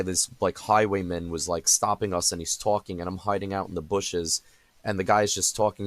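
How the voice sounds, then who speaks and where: A man's voice: low-pitched, dry recording. A young adult man hosting a podcast in casual conversation, rambling with many fillers and restarts. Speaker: podcast host.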